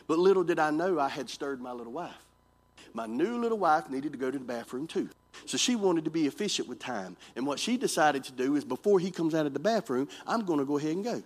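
A man preaching to young people, telling a story with lots of repetition and acting out the scenes. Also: fairly high pitch. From North Carolina, US. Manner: animated, repetitive, acts out scenes.

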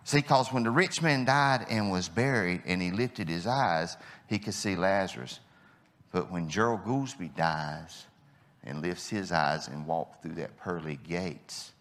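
A man preaching a sermon, impassioned, swinging between loud declarations and hushed low lines.

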